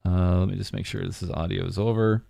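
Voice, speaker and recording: A man's voice: low-pitched, fairly even intonation, fast talker, vocal fry, warm tone, no echo, studio quality. A man casually commenting over clips as host of a news show, rambling with many uhs. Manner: rambling, full of uhs and laughs.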